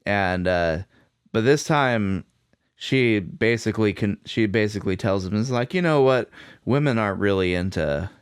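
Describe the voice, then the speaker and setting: Man, podcast co-host, fairly low pitch, smooth clear voice, dry close mic, relaxed plot explainer. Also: normal speed, no echo. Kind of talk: casual movie recap chat.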